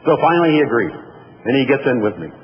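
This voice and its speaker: A man gives a storytelling keynote as a motivational speaker, sharing folksy personal anecdotes with an audience. His mid-range voice is very animated and fast. The sound is dull and lo-fi, with echo from the hall and faint noise.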